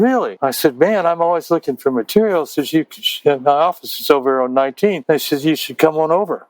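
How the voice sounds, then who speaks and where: A man's voice: fairly high pitch, dry recording, rough recording. An older man from Texas, a guest telling rambling stories and acting out the dialogue. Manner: rambling, acts out quoted dialogue. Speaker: interview guest. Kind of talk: anecdotal storytelling.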